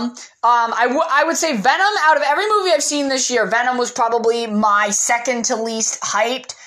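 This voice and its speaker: A woman's voice: mid-range voice, a bit bright. A woman giving a casual, candid movie opinion monologue, with frequent fillers and the odd swear word. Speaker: movie commentator.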